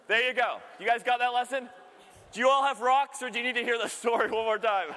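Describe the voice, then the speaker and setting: A high-pitched man gives a loose, chatty sermon, cracking jokes and laughing as he talks to the room. His voice rings out through a large hall with a long, lingering reverb. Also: steady tone, fast talker, sharp tone. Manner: chatty and joking, laughs often. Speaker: preacher. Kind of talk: casual sermon to a youth group.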